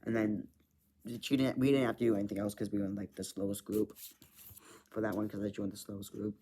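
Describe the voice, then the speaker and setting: A man's voice: lowish voice, flat delivery, quick pace, vocal fry, mellow, slight background noise. A man rambling through a personal story in casual chat, full of filler words and frequent swearing. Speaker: vlogger.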